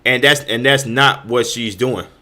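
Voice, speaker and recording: A male host ranting in heated commentary, his voice at a middle pitch for a man. He restarts his sentences over and over, repeating words as he pushes his point. Profanity runs through his delivery. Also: measured pace, sharp tone. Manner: heated, repetitive, stammering restarts with frequent profanity.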